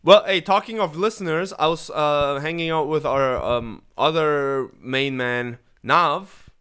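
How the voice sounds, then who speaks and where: A stand-up comedian co-hosting a casual podcast, talking in an animated way and often restarting his sentences. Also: on the high side, unhurried, smooth. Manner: chatty, animated, frequent restarts.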